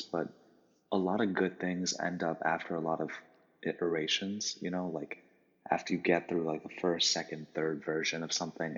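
A man, a podcast guest with a voice getting creaky, rambling casually with lots of fillers. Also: sits low. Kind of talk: casual interview. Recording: dull line with long reverb.

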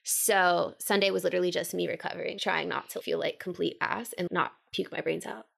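A young woman in her twenties, a podcast co-host, telling her story in a casual, slangy, animated way and acting out the voices she quotes. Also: fairly low pitch, a little fast, vocal fry, breathy edge.

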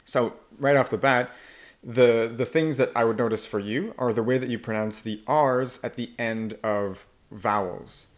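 A man's voice: mid-range voice, measured pace. A man working as an English accent coach, explaining and demonstrating pronunciation in a casual podcast conversation.

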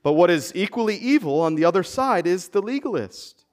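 Higher-voiced American pastor preaching earnestly. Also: male voice, animated, moderate pace, a little mellow. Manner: earnest teaching with emphatic rhetorical questions. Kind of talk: sermon. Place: church sanctuary.

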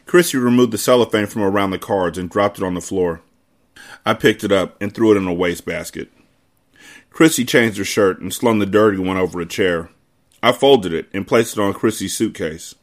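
A man's voice: lowish voice, normal speed. A man hosting a podcast, reading a novel aloud and dropping laid-back, conversational asides. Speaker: podcast host.

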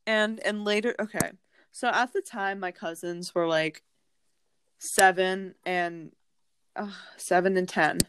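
A woman co-hosting a podcast who tells family stories in a casual, animated way, full of "like", and often acts out the other people's voices. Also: medium pitch, takes it slowly, slight background noise. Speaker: podcast co-host. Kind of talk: casual storytelling chat.

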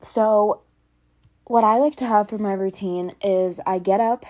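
A woman's voice: medium pitch, fairly even intonation, measured pace, darkish tone. A teenage girl talking casually from home about her own experience, earnest and rambling, full of "like" and "um". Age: teens. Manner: earnest, rambling, with frequent fillers. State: out of breath. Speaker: podcast host. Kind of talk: casual personal talk.

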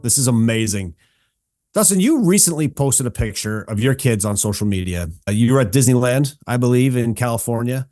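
A man hosting a podcast interview, upbeat and energetic as he welcomes his guest. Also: mid-range voice, brisk, no echo, clean studio sound, soft background music. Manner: energetic, excitable. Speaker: podcast host.

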